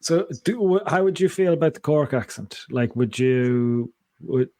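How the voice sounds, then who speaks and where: A man's voice: medium pitch, animated, measured pace, mellow, no echo. A man co-hosting a podcast in casual chat, rambling and digressive, often breaking off mid-sentence. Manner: rambling, digressive, self-interrupting. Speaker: podcast co-host.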